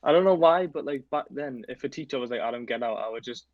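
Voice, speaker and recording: Halting young man, dull lo-fi sound. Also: mid-range voice, crowd noise. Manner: halting, loose, full of fillers. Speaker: podcast co-host. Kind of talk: casual storytelling chat.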